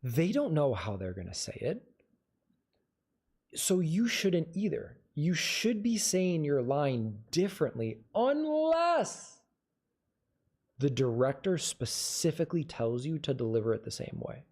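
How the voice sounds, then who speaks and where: A man's voice: a little high, wildly swooping pitch, a little slow, a little mellow. A man hosting a livestream, casually giving advice and answering viewer questions in a conversational way. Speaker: livestream host.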